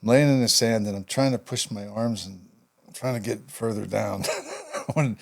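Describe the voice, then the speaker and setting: Older man, low voice, halting reflective storytelling. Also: gravelly. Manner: halting, reflective, trailing off into quiet asides. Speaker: guest, veteran actor and writer. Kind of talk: personal storytelling in an interview.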